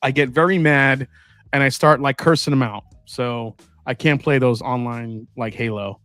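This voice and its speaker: A man's voice: medium pitch, fairly even intonation, normal speed, fairly bright tone, no room sound, faint music behind. A man hosting a live stream, chatting casually and rambling while tasting and answering viewer comments. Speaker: host.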